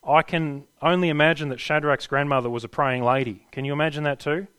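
A man's voice: a little high, steady tone, a little fast, clean tone, dry recording. Earnest male preacher, dry close sound. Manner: earnest, rising emphasis and hushed endings. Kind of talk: sermon.

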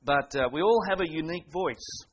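A man's voice: a little high, expressive, a little fast, breathy edge, rough recording. A man preaching a sermon in a conversational, folksy way, often restarting his sentences.

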